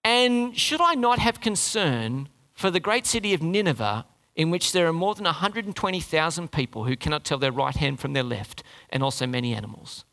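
Fatherly God voiced by a male preacher, lively pitch, reasoning gently in a reverberant room. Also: a little fast, creaky.

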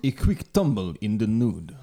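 A man playing a deadpan male bear fighter who speaks flatly, on a noisy recording. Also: on the low side, normal speed.

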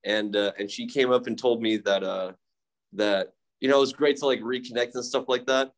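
This is a young man's casual account of his own life, shared at a recovery meeting. His mid-range voice moves at a normal speed with fairly even intonation, and his telling is frank, profane, self-deprecating and full of fillers.

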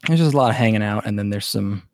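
Laid-back low-voiced man, dry mic. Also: lively intonation, fast, no room sound. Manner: laid-back, swears casually, trails off with fillers. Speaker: podcast co-host. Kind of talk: casual anime discussion.

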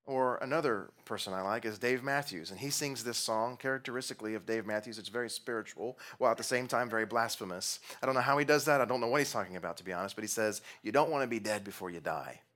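Preaching with earnest emphasis, this middle-aged pastor slows and sinks to near-whispers on important phrases and adds a few gentle jokes along the way. He has a mid-range voice with a fairly bright tone.

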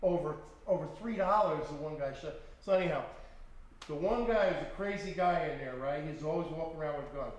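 A man, an author guest, telling his stories in conversation in a lively, profane way and acting out what people said. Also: on the high side, a little fast, heavy reverb. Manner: animated, profane, acts out quotes. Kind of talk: storytelling in conversation.

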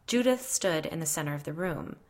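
A woman reading a first-person ghost story aloud in a measured storytelling voice. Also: low voice, lively intonation. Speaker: narrator.

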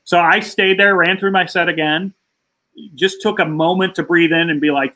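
A man's voice: a little high, normal speed, sharp tone, rough recording. A man, a stand-up comedian, telling an anecdote as a podcast guest, acting out the voices of the people in it. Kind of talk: casual interview storytelling.

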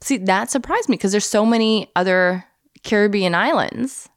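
A woman's voice: mid-range voice, moderate pace, no room sound. An enthusiastic woman in casual conversation, keen to pass along fun facts. Her voice sits in an ordinary middle register. It is recorded dry and close, with no room sound around it. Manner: enthusiastic, eager to share facts. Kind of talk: casual chat.

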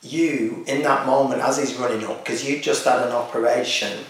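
A man's voice: medium pitch, fairly even intonation, moderate pace, a little hiss or hum. A man chatting casually as a podcast co-host, with wry, teasing humour. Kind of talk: casual chat. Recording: echoey room, distant mic.

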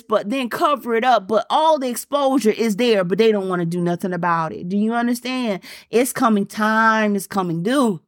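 A woman's voice: a little high, lively intonation, normal speed, few pauses, no echo, clean studio sound. A woman preaching a fervent sermon, repeating lines for emphasis and calling out directly to her listeners.

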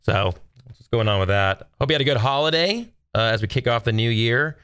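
A man's voice: medium pitch, expressive, a little fast, a bit bright, clean tone, no echo, studio quality. A man in his thirties, from Texas, talking casually to viewers from home in a rambling, exasperated rant full of fillers. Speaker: solo video host.

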